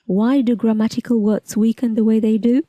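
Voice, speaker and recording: A woman teaching English pronunciation in a scripted lesson, speaking in a measured, deliberate way and enunciating example words slowly. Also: fairly high pitch, steady tone, mellow, no room sound.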